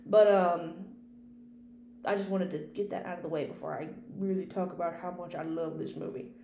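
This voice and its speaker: A woman's voice: on the low side, fairly even intonation, moderate pace, mellow. A woman hosting a casual, unscripted podcast, rambling chattily about movies and swearing freely. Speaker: podcast host and film critic. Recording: echoey room with faint hum.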